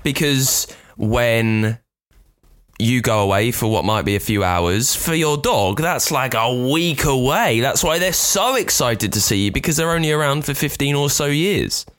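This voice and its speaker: A man co-hosting a podcast, telling stories in a casual chat with an animated, jumpy delivery. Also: medium pitch, measured pace. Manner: animated, jumpy storytelling with lively swings. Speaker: podcast co-host.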